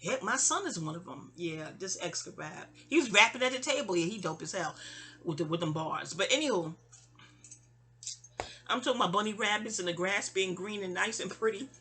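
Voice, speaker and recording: Speaking quickly with a breathy, pushed, bright voice, this middle-aged woman has a mid-range pitch and lively intonation. She's a vlogger with a New York accent, casually rambling through a personal memoir story with plenty of digressions, fillers, and restarts.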